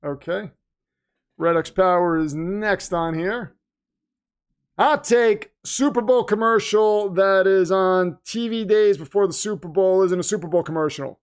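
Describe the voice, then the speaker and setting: A man hosting a casual livestream and reading viewer messages, talkative, keyed up and nervous, swinging from loud to quiet. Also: sits high, a little slow, clean tone. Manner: excitable, talkative, jumps between loud and quiet. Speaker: livestream host reading super chats.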